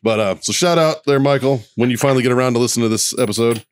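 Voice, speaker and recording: A man's voice: medium pitch, quick pace. A man co-hosting a podcast, telling profane stories in casual chat and laughing often. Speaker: podcast co-host.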